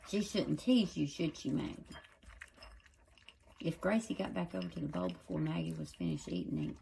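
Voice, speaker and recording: A woman's voice: deep voice, huge pitch swings, moderate pace, gravelly, dark tone, a little hiss or hum. A woman talking to her dogs in a coaxing, scolding, sing-song way. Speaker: pet owner filming her dogs. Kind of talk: casual talk to dogs.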